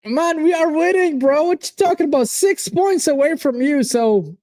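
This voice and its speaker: An excitable man gives live fan reactions during a football watchalong. He talks casually and directly to viewers in chat, in an unhurried drawl. The recording is dry and close to the mic, with no room sound. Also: very high-pitched, dry recording. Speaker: watchalong host.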